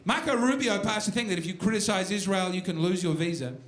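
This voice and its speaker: A man with an Australian accent doing a stand-up set, dry and mocking, with shouted impressions. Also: high-pitched, fast talker. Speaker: stand-up comedian. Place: comedy club stage. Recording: roomy club recording with loud crowd. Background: audience laughter.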